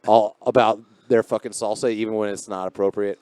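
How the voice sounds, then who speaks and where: A man's voice: fairly low pitch, fairly even intonation, a little fast, warm tone, smooth, no room sound. A man co-hosting a podcast in a garage, telling stories in a rambling, profane, casual way. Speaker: podcast co-host.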